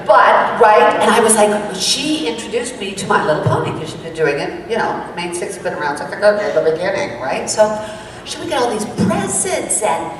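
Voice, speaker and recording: A woman voice actor telling a lively, excitable story on a convention panel, jumping into sudden high exclamations. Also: normal speed. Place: large convention hall. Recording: echoey convention hall, distant mic, crowd.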